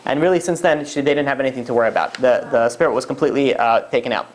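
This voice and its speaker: A rabbi telling stories to a class in a casual, rambling way, full of fillers and restarts. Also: male voice, medium pitch, racing. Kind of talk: casual storytelling lecture.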